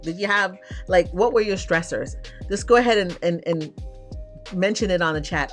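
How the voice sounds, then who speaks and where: A woman's voice: fairly low pitch, expressive, unhurried, fairly bright tone, faint music behind. A woman hosting a live stream, chatty and bubbly, who greets viewers with casual slang. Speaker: livestream host and brand coach. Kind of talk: upbeat live-stream chat.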